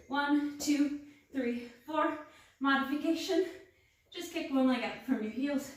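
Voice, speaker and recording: A young woman coaching a workout, counting reps and encouraging while out of breath. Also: high-pitched. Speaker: fitness instructor. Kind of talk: guided workout instruction. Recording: very echoey room, distant mic.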